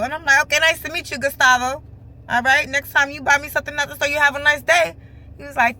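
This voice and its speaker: A woman with telling a casual storytime vlog from her car, acting out other people's lines in an animated way. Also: high-pitched, fast. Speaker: vlogger. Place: parked car.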